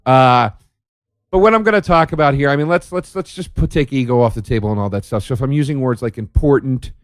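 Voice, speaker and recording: A man's voice: mid-range voice, fast, no echo, studio quality. A man hosting a solo comedic podcast, speaking in a sardonic, profane, rambling way full of restarts. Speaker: podcast host. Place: indoor room by a window.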